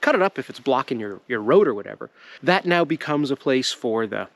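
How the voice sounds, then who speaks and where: A man's voice: medium pitch, expressive, brisk, no room sound. A middle-aged man vlogging casually outdoors in snowy woods, rambling and joking as he works and laughing often.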